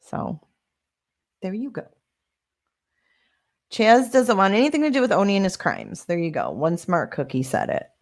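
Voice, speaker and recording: A woman's voice: medium pitch, very animated, normal speed, long pauses, dry recording, clean studio sound. A woman hosting a casual livestream, answering viewer comments in a sarcastic, defensive way. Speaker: livestream host.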